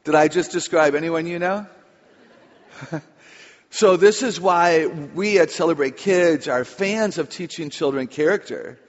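An author and speaker on children gives a humorous, chatty, playful talk to a live audience in a large hall. Her low voice is unhurried, and the recording is echoey with a dull, lo-fi sound.

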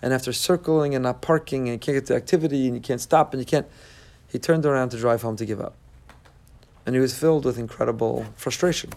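A man delivers a sermon in a mid-range voice. He is animated and storytelling, and he breaks into loud, high-pitched bursts when acting out other people's lines. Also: quick pace, gravelly. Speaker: rabbi.

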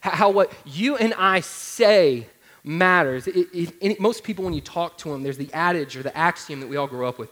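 A pastor in his thirties preaching a sermon with a somewhat high male voice. He tells a funny story from his own life and talks straight to the listeners in a loose, conversational way. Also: lively intonation, moderate pace, a bit bright. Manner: humorous personal storytelling; conversational, addresses listeners directly.

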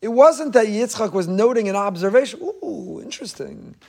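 A man with a high voice preaches a sermon with passion and emphasis. He slips Hebrew phrases into his English. He drives his points home with repetition. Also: a little fast, a little mellow. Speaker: rabbi.

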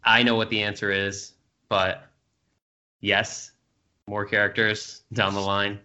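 A man's voice: lowish voice, flat delivery, slow, bright, forceful tone. A man hosting an interview, reading out listener questions and answering with brief affirmations. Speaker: interview host. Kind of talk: conversational interview. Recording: lo-fi audio.

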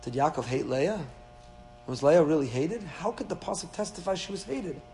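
Lively rabbi lecturing in an echoey hall. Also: male voice, on the high side, normal speed. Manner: lively, rhetorical questions, dry asides. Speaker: rabbi teaching a Torah class. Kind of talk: Torah class lecture. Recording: echoey hall with faint hum.

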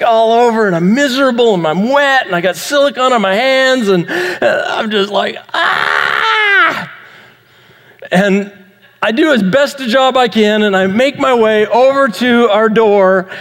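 A high-voiced man preaches a sermon, an animated storyteller who acts out sound effects and pokes fun at himself. His voice carries a long reverb, as if he were in a large church sanctuary. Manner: self-mocking humor. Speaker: pastor.

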